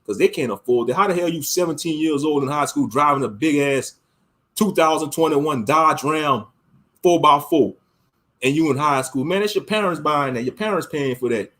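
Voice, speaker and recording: A man with a voice pitched a bit higher than most goes on a loose, rambling rant. He talks in heavy slang, stops to correct himself and jumps from loud, emphatic bursts to quiet mutters. He is from the United States and speaks as an online commentator. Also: moderate pace.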